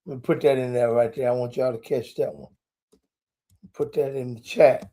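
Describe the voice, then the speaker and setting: A man's voice: mid-range voice, steady tone, normal speed, warm tone. A man preaching live from a hotel room, stretching key words for emphasis and dropping folksy asides. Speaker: preacher and podcast host. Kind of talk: live-streamed sermon. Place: hotel room while traveling.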